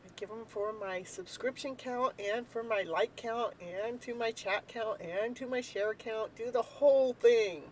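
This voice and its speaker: A woman hosting a live tarot reading stream, chatting casually, joking and breaking into whooping cheers, then dropping to soft murmurs. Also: a little high, unhurried, few pauses, a little hiss or hum, poor audio. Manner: talks softly while eating, then bursts out loud. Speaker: live tarot reader and show host.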